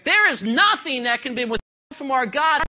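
Bright-voiced preacher firing rhetorical questions. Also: sits high, normal speed. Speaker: pastor. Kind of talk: sermon.

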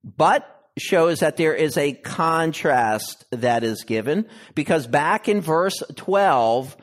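A male pastor reading scripture and preaching an expository sermon, with emphatic pauses and a deliberate delivery. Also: a little high, animated.

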